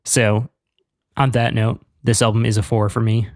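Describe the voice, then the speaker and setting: A man's voice: lowish voice, level tone, normal speed, darkish tone, no room sound, clean studio sound. A man co-hosting a pop culture podcast, chatting casually and enthusiastically with lots of fillers. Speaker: podcast co-host. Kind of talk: casual chat.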